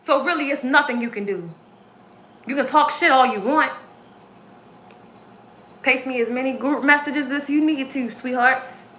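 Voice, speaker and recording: A woman's voice: high-pitched, a little slow, long pauses, fairly bright tone, a little hiss or hum. A woman tarot reader on a live stream, ranting in an aggressive, profane, preachy way. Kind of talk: live-stream spiritual rant. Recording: echoey room.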